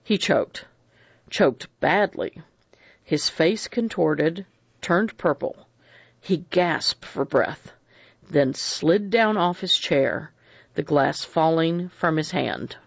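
A narrator reading a novel in a slow storytelling manner, on a dull lo-fi recording. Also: mid-range voice, lively intonation, vocal fry, dry recording. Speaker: audiobook narrator. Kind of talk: scripted narration.

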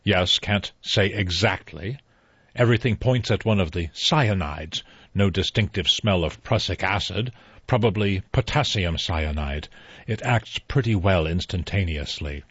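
A man's voice: low-pitched, unhurried, a bit bright, breathy edge, no room sound, heavily acted. A man reading a novel aloud, voicing a brusque middle-aged doctor who speaks in a matter-of-fact way, on a dull lo-fi recording. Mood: grave.

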